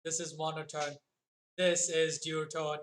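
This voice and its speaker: A man doing a flat monotone robot. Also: fairly high pitch, moderate pace, a crowd in the background, lightly acted. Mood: deadpan. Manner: flat monotone, clipped formal sentences.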